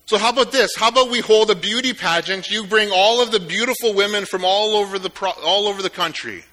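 A man's voice: high-pitched, a little fast, bright, forceful tone. A man preaching who voices a scheming male royal advisor, talking the king into his plans in a persuasive, wheedling way.

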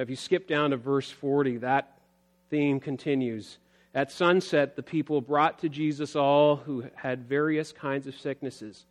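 A man preaching a sermon as a pastor, earnest, building emphasis and then dropping low, with scripture read aloud.

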